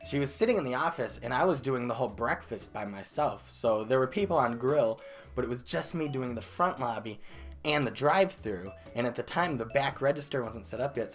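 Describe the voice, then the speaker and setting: A young man vlogging a comedic storytime about his old job, animated, breaking into loud exaggerated outbursts and laughs. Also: mid-range voice. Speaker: vlogger telling a work story. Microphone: desk microphone.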